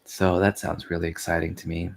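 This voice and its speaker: A low-pitched, creaky-voiced man talks briskly but in a monotone during a casual vlog. He's tired and sleepy, meandering, yawning and chuckling softly when he loses his thread.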